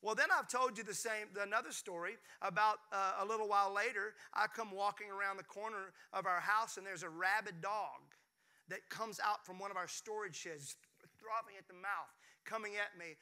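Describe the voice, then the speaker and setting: A man, preaching a sermon with jokes and calls to the congregation. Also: sits high. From Mississippi, US. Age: 50s. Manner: preaching with call-and-response to the congregation; animated, jokes and playful asides. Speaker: pastor.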